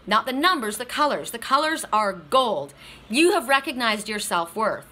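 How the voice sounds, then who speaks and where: A middle-aged woman giving a casual, emotional oracle card reading, excitable and tearful, swearing freely. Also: a little high, normal speed. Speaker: tarot and oracle card reader.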